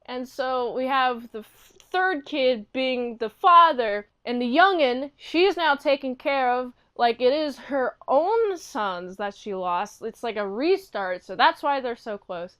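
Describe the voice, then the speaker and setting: A woman with a bright, high-pitched voice recaps an old TV episode in a loose, chatty way. She leans on "like" constantly and acts out little snippets of the characters as she goes. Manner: animated retelling, acting out characters' lines; chatty, peppered with "like". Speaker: episode reviewer. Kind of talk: casual episode recap and review.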